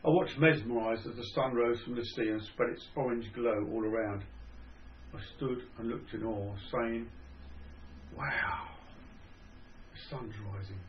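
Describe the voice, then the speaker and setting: An older man with a Cockney (Estuary) accent reading his own memoir in a measured, dry storytelling manner. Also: medium pitch, steady tone, a little hiss or hum. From England. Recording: dull lo-fi recording.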